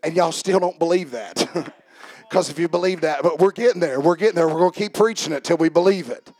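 A man preaching a sermon as pastor, swinging from quiet joking asides to shouted preaching and calling out to the congregation. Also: on the high side, fairly quick, breathy edge, no echo. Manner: talks back and forth with the congregation. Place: church service.

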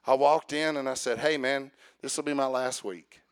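A man preaching a sermon, telling a personal story with acted dialogue and building to loud calls for amen. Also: mid-range voice, steady tone, normal speed, smooth.

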